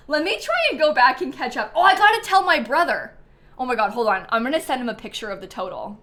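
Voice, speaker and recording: Giggly high-voiced woman streamer. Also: sing-song, brisk, long pauses, a bit bright. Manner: chatty, giggly, full of "um" and "like"; reads out viewer names and thanks. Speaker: livestream host. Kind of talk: casual live-stream chat.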